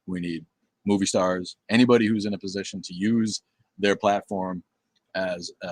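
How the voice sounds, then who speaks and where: A man's voice: fairly low pitch, dry recording. A middle-aged man hosting a casual livestream, answering viewer comments in a blunt, profane and rambling way with many fillers. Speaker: livestream host.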